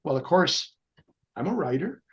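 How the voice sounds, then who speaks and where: A man, a guest actor who tells animated anecdotes in an interview. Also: a little high, normal speed, slightly rough, dull audio. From Canada. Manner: animated raconteur, slips into voices when he quotes people.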